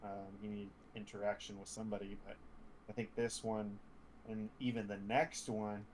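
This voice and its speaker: A man's voice: on the low side, little pitch movement, a little mellow, slight background noise, low-quality recording. A man co-hosting a podcast in casual chat, blunt and opinionated, often cutting in. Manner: blunt, opinionated, quick to interrupt. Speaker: podcast co-host.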